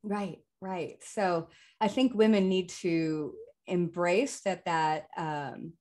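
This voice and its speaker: A woman hosting a podcast, chatting frankly and telling lively personal stories. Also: fairly low pitch, slow. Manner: frank, animated storyteller. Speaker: podcast host. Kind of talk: casual podcast conversation.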